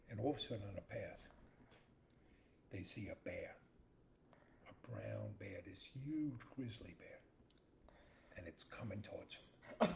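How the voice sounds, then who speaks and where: A man's voice: lowish voice, gravelly, bright, forceful tone, slight background noise. A middle-aged man co-hosting a casual show, telling jokes playfully and acting out the characters in them. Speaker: co-host. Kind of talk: casual joke-telling chat.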